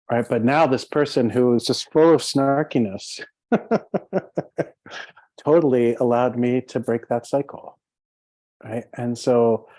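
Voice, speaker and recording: A man's voice: medium pitch, mellow, dry recording, poor audio. A man giving a casual, conversational meditation talk as a teacher, chatty and laughing, with plenty of "you know" and "like". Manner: conversational, laughing, many fillers.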